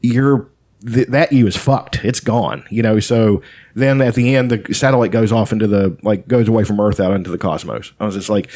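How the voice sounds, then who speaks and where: This speaker is a man with a lowish, warm voice talking at normal speed. It's casual chat, and he tells stories in a rambling, profane way, leaning constantly on "like" and "you know."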